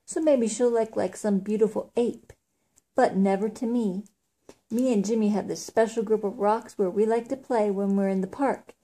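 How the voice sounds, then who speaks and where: Mellow woman reading a children's book. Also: medium pitch, fairly even intonation, moderate pace. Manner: casual, with small slips. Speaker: reader.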